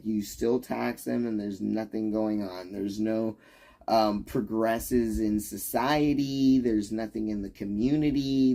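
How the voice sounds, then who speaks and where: A man's voice: lowish voice, creaky, dark tone. A young man from the United States ranting sarcastically and profanely at his livestream chat.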